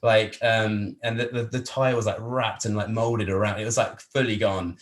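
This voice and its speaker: An English man, a podcast guest, telling a long travel anecdote in a casual, animated, rambling way with frequent laughs. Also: on the low side, moderate pace. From England.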